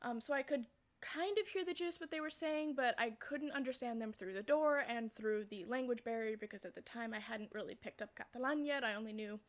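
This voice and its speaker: Casting: woman vlogger, a touch high-pitched, chatty storyteller who drifts off topic. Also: brisk. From United States. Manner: chatty, wandering into side tracks; laughs through her story. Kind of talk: storytelling vlog.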